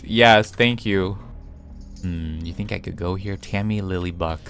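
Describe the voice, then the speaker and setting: Soft music sits under this gaming YouTuber's deep, somewhat bright voice as he talks in an unhurried way. The young man giggles often and chats to himself playfully while he plays.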